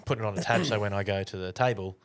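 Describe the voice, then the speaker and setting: A man's voice: fairly low pitch, rapid-fire. A young man telling a long, rambling story on a casual podcast chat, with plenty of swearing. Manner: swears a lot, rambling anecdote. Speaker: podcast co-host.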